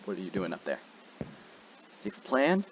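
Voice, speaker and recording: A young man giving casual gameplay commentary as a channel host, jokey and excitable, shouting when frustrated. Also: sits low, fairly quick, lo-fi sound. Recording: loud background noise.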